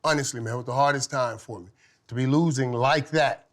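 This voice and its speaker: A middle-aged man, a former football player, telling lively stories as a podcast guest, laughing often and swinging from loud to hushed. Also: medium pitch, brisk. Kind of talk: animated storytelling in casual chat.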